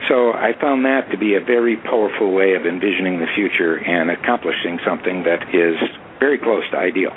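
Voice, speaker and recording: A man's voice: deep voice, fairly quick. Emphatic coaching man on a tinny line. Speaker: panel guest, success speaker. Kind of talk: motivational advice in panel discussion. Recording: tinny phone-like sound with faint hiss.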